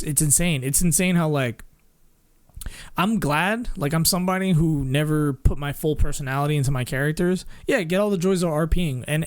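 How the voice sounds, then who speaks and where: A man streaming and chatting casually, rambling with lots of fillers, restarts and little laughs. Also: on the high side. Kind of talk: casual chat with chat.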